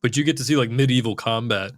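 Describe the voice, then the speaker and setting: A man's voice: medium pitch, quick pace, no echo. A man hosting a podcast, chatting casually in a rambling, profane way with lots of "like". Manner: rambling, profane, heavy use of "like". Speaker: podcast host. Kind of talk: casual chat.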